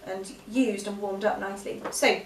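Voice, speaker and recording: A woman's voice: mid-range voice, normal speed, slight background noise. Chatty woman teaching singing. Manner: relaxed, chatty, many ums. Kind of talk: vocal exercise lesson. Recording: echoey room, voice a bit far from mic.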